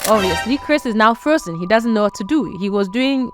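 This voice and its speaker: Brief: conversational female storyteller, lively, music low in the background. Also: brisk. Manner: animated, conversational, addresses listeners directly. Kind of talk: casual story narration.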